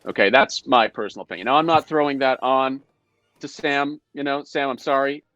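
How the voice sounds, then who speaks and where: A man's voice: mid-range voice, fairly quick, no room sound, muffled recording. A man, a guest actor on a live video call, telling behind-the-scenes stories in a casual chat with playful mock indignation. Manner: animated storyteller, mock-indignant self-defense. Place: home, indoors.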